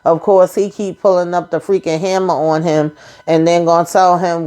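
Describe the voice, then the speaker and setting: A woman's voice: on the low side, normal speed, darkish tone. A woman host casually recapping a TV episode, acting out each character's lines in a blunt, profane way.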